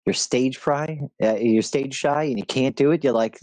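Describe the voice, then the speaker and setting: A man's voice: mid-range voice, moderate pace, a little mellow, no room sound. A young man chatting casually on a podcast, rambling with lots of fillers and slipping into jokey put-on quotes. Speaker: podcast guest.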